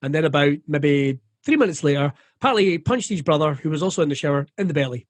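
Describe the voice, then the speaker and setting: A middle-aged Scottish man talking frankly and animatedly, swearing freely and slipping into other people's voices as he tells it. His voice sits a touch high, and the sound is dry and close. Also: lively intonation, fast, no echo. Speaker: comedian guest. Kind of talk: candid conversational interview.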